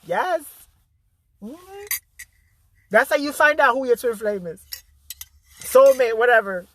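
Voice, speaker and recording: A spiritual motivational speaker delivers an intense, emphatic vlog monologue in a very high, expressive voice that is fairly bright in tone. He speaks slowly, swears freely, and repeats his key phrases to drive them home.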